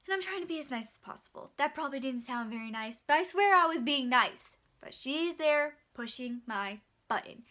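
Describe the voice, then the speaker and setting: Bright-voiced young woman telling stories. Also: high voice, normal speed, hardly any pauses. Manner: animated, chatty, swears freely. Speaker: vlogger. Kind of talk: casual storytelling.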